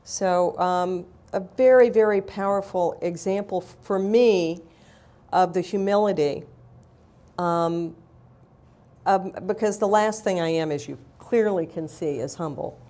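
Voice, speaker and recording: A woman's voice: lowish voice, unhurried, mellow. A woman author telling candid, wry stories in a live interview, blunt and self-mocking.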